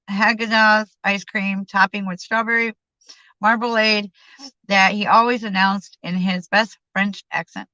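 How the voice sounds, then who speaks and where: On a live stream, a woman reads a memoir aloud, tripping over words and starting again. Her mid-range voice is bright and forceful, and the dry, echo-free recording through a streaming microphone has a dull lo-fi quality.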